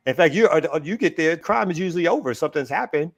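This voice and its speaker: A man's voice: a little high, expressive, creaky. A man co-hosting a morning talk show, making an earnest case with repeated, stacked phrases. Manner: earnest, fast-building argument with repetitions. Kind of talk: casual political chat.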